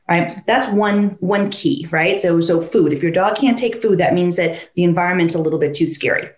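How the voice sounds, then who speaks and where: A woman dog trainer, a guest on a podcast, explaining training with animated stories and acting out her dog's thoughts. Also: lowish voice, moderate pace, hardly any pauses, echoey room. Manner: animated storyteller who acts out the dog's thoughts in quoted voices. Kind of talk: conversational interview, explaining with stories.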